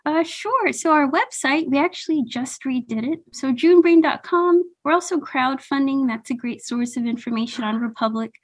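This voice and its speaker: Interviewed on a podcast, a female startup founder speaks with bright enthusiasm about her business. She talks in a high register at an ordinary speed, barely stopping for breath.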